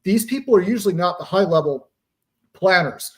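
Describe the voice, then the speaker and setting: A man with a fairly high voice speaks as an interview guest. He explains in a steady, lecturing way and leans on pop-culture comparisons to make his points. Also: normal speed. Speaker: guest author on psychological operations.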